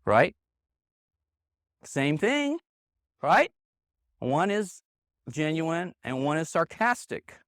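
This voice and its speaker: A man's voice: fairly high pitch, dry recording, studio quality. Emphatic man leading a sales seminar. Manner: emphatic, punchy, repeats key points. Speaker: sales trainer. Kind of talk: live training seminar. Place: meeting room with an audience. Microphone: handheld microphone.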